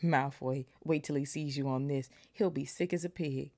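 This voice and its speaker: A woman voicing an excitable teenage boy wizard while reading a storybook aloud, eager and loud. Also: low voice, moderate pace. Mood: excited.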